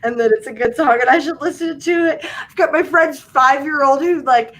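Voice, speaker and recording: A high-pitched young woman talks at normal speed as a livestream host. Her casual chat is full of animated, funny storytelling and frequent laughter.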